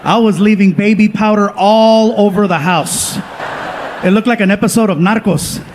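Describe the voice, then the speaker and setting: Here a Southern California stand-up comic with a high voice spins animated stories for a live audience on a comedy stage, and the recording is very noisy. He plays his family and friends through rapid voice switches.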